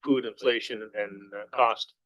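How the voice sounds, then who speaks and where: A male city councillor argues for an amendment during a council debate. His delivery is earnest, and he circles back to the same points. His voice sits at a medium pitch, recorded dry on a desk mic. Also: steady tone, a little slow, no echo, dull audio. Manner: earnest, repetitive argument. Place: council chamber.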